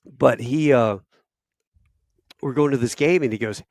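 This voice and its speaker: A man in his fifties spins military stories with a loose, salty, animated delivery. His voice sits at an ordinary middle pitch. The sound is dry and close, with no room around it. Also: unhurried, no echo. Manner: animated, profane storyteller. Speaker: podcast guest, retired Marine officer. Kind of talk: casual war storytelling.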